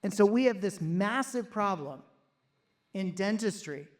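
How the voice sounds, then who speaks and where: A man's voice: sits high, animated, unhurried. A middle-aged man giving a storytelling keynote talk to a conference audience, acting out the dialogue as he goes. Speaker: keynote speaker and coach. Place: conference hall before a live audience.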